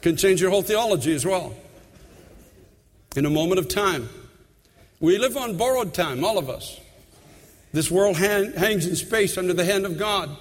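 High-voiced preaching man, church reverb. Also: expressive, normal speed, long pauses. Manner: impassioned preaching, rising in pitch and force. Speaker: pastor. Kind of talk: sermon. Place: large church sanctuary.

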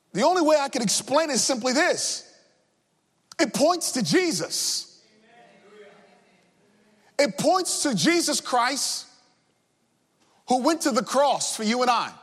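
A man with a breathy, husky tone delivers a sermon at a slow, deliberate pace. He rises into sung cadences and shouted refrains. His voice rings with the long reverb of a large hall. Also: extremely high pitch, very animated. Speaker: preacher.

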